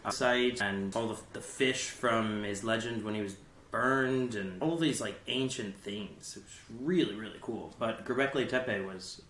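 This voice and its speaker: A man's voice: on the low side, measured pace, a bit bright, roomy sound, a little hiss or hum. A man co-hosting a podcast, explaining things casually and loosely with lots of fillers. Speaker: podcast co-host.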